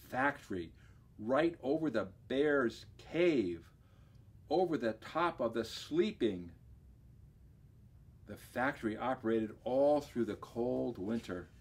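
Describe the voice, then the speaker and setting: A man, a library director, reading a children's story aloud with expressive, lively storytelling. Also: mid-range voice, breathy edge.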